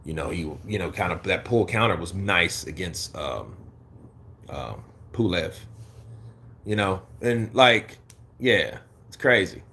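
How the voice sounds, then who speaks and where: A man on a desk mic hosts a casual boxing livestream and talks straight to his chat. His voice is bright and forceful, and it climbs high when he gets heated. Between rants he drops into low, mumbled asides. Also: lively intonation, slow, vocal fry. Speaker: boxing commentary livestream host.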